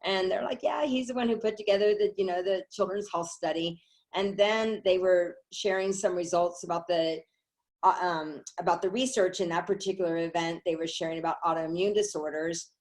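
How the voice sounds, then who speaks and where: Woman, middle-aged, low-pitched, animated storytelling, quotes people. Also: normal speed. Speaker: network marketing speaker. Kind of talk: personal story on a call.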